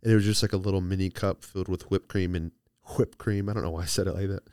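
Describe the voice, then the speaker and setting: A man's voice: low voice, fairly even intonation, racing, a little mellow, clean tone, dry recording, studio quality. A young man hosting a solo podcast, chatting casually and rambling playfully with lots of restarts. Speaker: podcast host.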